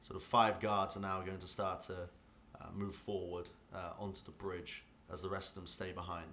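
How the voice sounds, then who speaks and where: A man runs a tabletop roleplaying game as dungeon master, narrating the scene in a fairly low voice. His tone is bright and forward, and he talks it through with loose fillers as he goes. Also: little pitch movement, moderate pace, a little hiss or hum. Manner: descriptive, hesitant fillers while narrating.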